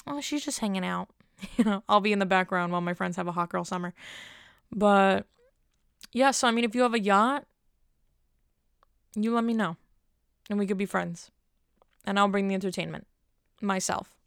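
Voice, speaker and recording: Young woman solo podcast host, rambling and self-deprecating, gravelly but smooth voice, dry close sound. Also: mid-range voice, normal speed, long pauses, dry recording. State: cold, stuttering a little. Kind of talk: casual solo podcast chat.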